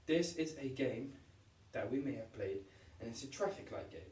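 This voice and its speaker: Leading young children in a home workout, a male PE teacher demonstrates every move and keeps the mood upbeat and encouraging. He speaks at a moderate pace in an animated, medium-pitched voice with a darkish tone. The recording echoes and his voice comes from a distance.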